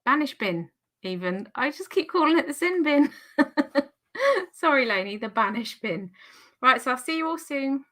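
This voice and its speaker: A woman's voice: sits high, animated, moderate pace, pauses often, bright, forceful tone. A woman with a Geordie accent chatting casually on a live stream, slightly out of breath, laughing often and breaking off mid-sentence. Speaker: vlogger hosting a live stream.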